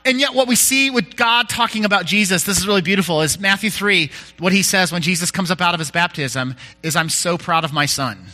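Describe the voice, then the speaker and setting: A man's voice: high-pitched, a little fast, few pauses, bright, forceful tone, faint music behind. A male pastor giving a conversational sermon, candid and self-deprecating, often restarting his sentences.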